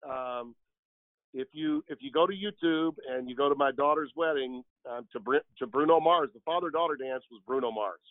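A man's voice: medium pitch, normal speed, no echo. A man in his sixties, a veteran sportscaster, telling stories and joking as a guest. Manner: storytelling, joking. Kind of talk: casual chat. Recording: dry tinny phone line.

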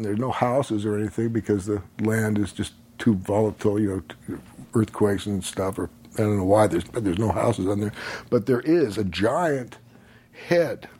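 Husky man telling a rambling story. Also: fairly low pitch. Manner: rambling, animated, laughs through the telling. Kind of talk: casual storytelling.

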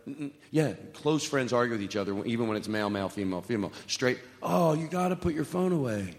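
A man's voice: medium pitch, animated, fast talker. A man hosting a live comedy podcast, rambling and profane, laughing often on stage at a podcast festival. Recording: roomy live venue with noise.

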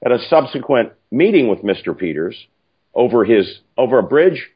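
An older man telling stories casually, animated and profane, acting out other people's lines. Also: medium pitch, normal speed, slightly rough. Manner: animated, profane, acts out quoted voices. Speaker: film writer-director guest. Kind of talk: casual anecdotal storytelling. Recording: muffled lo-fi audio.

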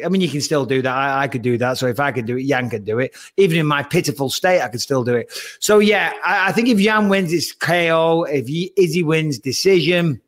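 A man in casual podcast chat, breaking down a fight in an animated, emphatic way and swearing freely. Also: on the high side.

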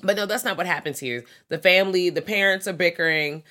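A woman's voice: lowish voice, quick pace, pushed and bright. A woman co-hosting a podcast, chatting casually and profanely about a horror movie and acting out the characters' lines. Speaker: podcast co-host. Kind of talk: casual movie-review chat.

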